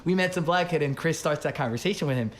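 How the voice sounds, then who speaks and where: A man's voice: on the high side, fast, a little hiss or hum. A young man telling a story in casual chat, rambling, swearing, leaning on "like". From Dominican family, raised in the US. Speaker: podcast host.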